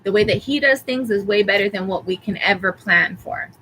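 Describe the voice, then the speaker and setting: Soothing tarot reader woman, bright voice. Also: medium pitch, brisk, a little hiss or hum, rough recording. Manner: soothing, reassuring affirmations; rambling, with fillers and restarts. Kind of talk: live tarot reading for a viewer.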